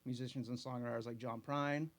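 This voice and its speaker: A middle-aged man, singer and songwriter of a country band, talking in a relaxed, soft-spoken way with many fillers in a radio studio interview. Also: medium pitch, a little fast. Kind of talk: radio interview and live song. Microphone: studio microphone. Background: his own country band playing live.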